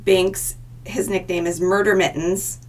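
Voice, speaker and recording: A young adult woman co-hosting a podcast in casual chat, animated and laughing often, jumping into high exclamations. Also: unhurried. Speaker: podcast co-host.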